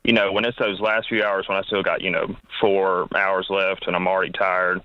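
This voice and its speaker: A man's voice: low voice, level tone, moderate pace, no echo. A man calling an advice show, polite and earnest, answering "yes, sir". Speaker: caller. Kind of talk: phone call to advice show. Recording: dull lo-fi phone line.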